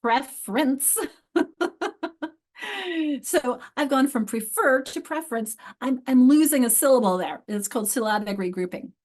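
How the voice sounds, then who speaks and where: A woman's voice: on the high side, normal speed, darkish tone. A middle-aged woman leading a live online teacher workshop on a video call mic, explaining with emphasis and repeating key words. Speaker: literacy instructor leading teacher training.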